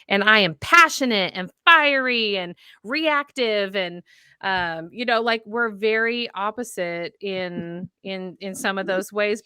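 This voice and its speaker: A woman in her thirties, a radio host, chatting as a podcast guest and telling stories with lively, expressive delivery. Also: mid-range voice, clear, resonant tone, no echo, studio quality. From United States. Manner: animated storyteller, acts out voices. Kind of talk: casual chat.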